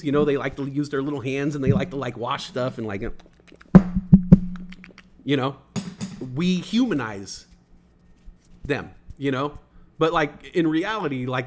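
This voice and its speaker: A young man casually telling a rambling story on a stream, full of fillers and acted-out quotes. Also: mid-range voice. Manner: rambling, many fillers, acts out other people's voices.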